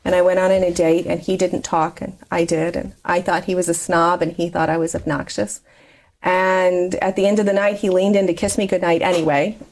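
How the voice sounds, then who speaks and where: Fairly quick and a little mellow, with a low, flat delivery, this forties-aged woman shares her life story in a conversational interview. Candid and chatty, she breaks into laughter often.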